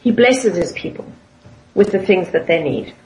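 A woman's voice: fairly low pitch, animated, normal speed, mellow. A woman with a South African accent, sharing thoughts in a Bible study group and reading verses aloud. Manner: thoughtful, reads scripture aloud. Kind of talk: casual Bible study discussion. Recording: echoey room.

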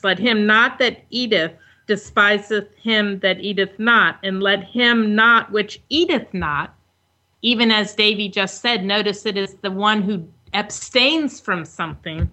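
A woman reading Bible verses aloud and explaining them in a measured way. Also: mid-range voice, bright, forceful tone.

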